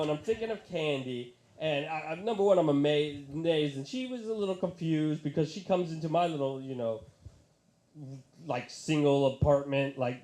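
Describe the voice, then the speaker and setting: A man doing stand-up into a handheld mic on a small bar stage, his voice sitting a little high for a man. He tells his stories in an animated way and leaps up into excited, squeaky tones whenever he quotes someone. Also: echoey room. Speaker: stand-up comedian. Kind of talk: stand-up comedy set. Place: comedy bar stage with audience.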